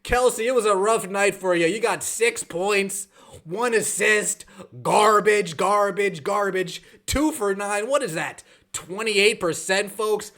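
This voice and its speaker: A man with a high-pitched voice delivering a sarcastic sports rant. He mocks as he goes, lingering on numbers with scorn. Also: a little slow, a bit bright. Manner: sarcastic, mocking. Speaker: podcast host.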